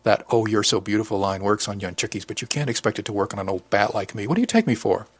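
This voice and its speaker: A man voicing a proud, bitter woman of about sixty in an audiobook, sharp and scornful. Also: on the low side, lively intonation, fast, breathy edge. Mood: angry. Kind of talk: audiobook character voice.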